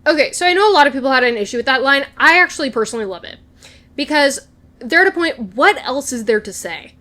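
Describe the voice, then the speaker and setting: Speaking fast in a high-pitched voice, this young woman vlogger gushes her way through a casual recap of a TV episode. Animated throughout, she drops into quoted lines and imitates the characters.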